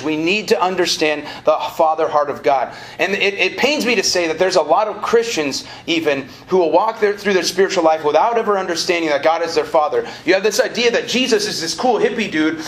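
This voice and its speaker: A man's voice: sits high, expressive, a little fast, hardly any pauses, fairly bright tone. A man preaching a live sermon to college students, talking casually, cracking jokes and getting the crowd to answer back. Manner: conversational, joking, prompts audience call-and-response. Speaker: college ministry director and preacher. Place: lecture hall or auditorium at a college. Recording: roomy live hall with faint ambient noise.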